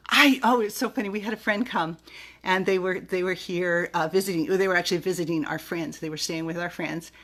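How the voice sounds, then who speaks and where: A bubbly middle-aged woman talks straight to camera in a chatty, giggly way, often tripping over hard words. Her voice sits a little low, and she sounds open and unscripted. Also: fairly even intonation, a little fast, fairly bright tone. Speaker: vlogger reviewing vitamins. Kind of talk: casual talk to camera.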